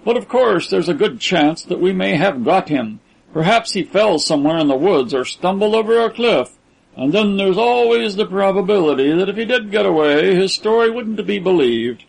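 A man's voice: high-pitched, animated, normal speed, creaky, voice pushed up, full character voice, low-quality recording. A man voicing a haughty, cold rich older man who speaks in a clipped, lordly way.

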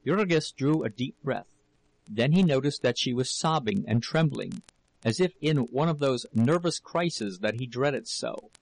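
Male audiobook narrator, steady measured reading, mid-range voice, dry close sound. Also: mid-range voice, creaky, dry recording, low-quality recording. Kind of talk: scripted narration.

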